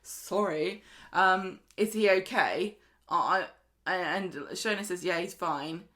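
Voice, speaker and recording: Here a woman with a lowish, slightly bright voice talks at a slow pace. She co-hosts a podcast, chatting casually through episode recaps, reading out plot notes and laughing readily.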